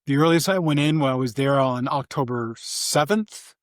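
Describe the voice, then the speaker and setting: A man's voice: normal speed, no echo. An older man recalls his life in a casual interview. He rambles with restarts and fillers, and his voice sits in a middle range. The sound is dry and close. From Vermont, USA. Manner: briefly mimics his mother in a high voice. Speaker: interview guest.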